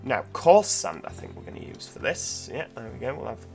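A man giving casual, chatty commentary while playing a zoo-building game, thinking aloud with lots of fillers, over quiet background music. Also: mid-range voice, big pitch swings, brisk, gravelly. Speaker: gameplay video host. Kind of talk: casual let's-play commentary.

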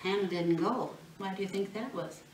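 A woman teaching children, telling a Bible story in an animated, expressive way and asking the kids questions. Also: mid-range voice, normal speed. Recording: roomy, distant mic, faint noise.

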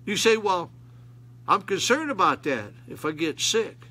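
Older pastor preaching with fervor. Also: male voice, high-pitched, sing-song, a little slow, sharp tone, slightly rough. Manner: folksy, rising to emphatic preaching. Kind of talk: sermon.

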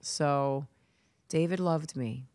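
A woman's voice: low voice, slow pace, no room sound. A woman, a podcast guest telling stories in a brash, profane way and acting out the people she quotes. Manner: brash, profane storytelling with lively voiced quotes. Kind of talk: casual podcast interview.

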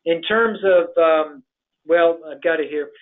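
A man's voice: fairly high pitch, unhurried. Hesitant man lecturing over tinny audio. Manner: hesitant, many ums and uhs, explanatory. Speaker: physician lecturer. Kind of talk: medical webinar lecture. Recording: tinny phone-like webinar audio.

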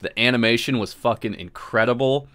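A man's voice: medium pitch, a little fast, fairly bright tone. A man hosting a casual livestream, chatting loosely with viewers, swearing often and laughing as he talks. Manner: laid-back, swears often, laughs while talking. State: drinking beer, burps. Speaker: host.

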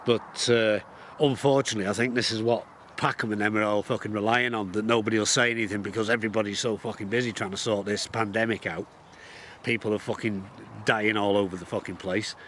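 A man's voice: lowish voice, steady tone, fairly quick, fairly bright tone, slight background noise. A man vlogging outdoors in the countryside, delivering a heated, blunt rant to camera and swearing constantly. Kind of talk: profane angry rant to camera.

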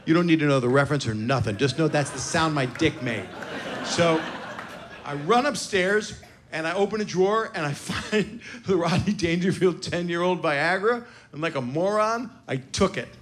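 A man's voice: on the high side, moderate pace. Brash older male stand-up comic, noisy club. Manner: brash, crowd-teasing, profane storytelling. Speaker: stand-up comedian. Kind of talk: stand-up comedy set. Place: comedy club stage before a live audience. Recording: noisy live club recording.

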